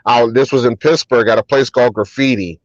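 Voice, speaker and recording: A man, a hip hop artist and DJ, telling relaxed anecdotes as an interview guest, with many ums and restarts. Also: mid-range voice, brisk, dry recording, highs cut off. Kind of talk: casual storytelling interview.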